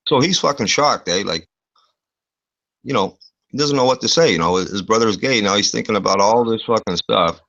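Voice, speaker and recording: A man's voice: lowish voice, moderate pace, gravelly, fairly bright tone, no room sound, lo-fi sound. A man telling a crude, rambling story on a video call, swearing often and full of fillers. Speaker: online show host.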